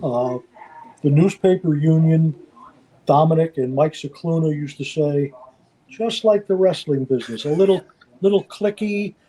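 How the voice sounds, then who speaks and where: A man guest reminiscing in a measured, hesitant and fond way. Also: fairly high pitch, warm tone, poor audio. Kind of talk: reminiscing in conversation.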